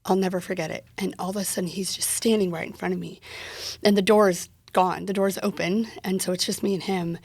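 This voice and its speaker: Gravelly, husky woman telling a hard story. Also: on the low side, fairly even intonation, brisk, darkish tone, dry recording. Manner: candid, emotional retelling with quoted dialogue. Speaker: podcast guest. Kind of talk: personal storytelling in an interview.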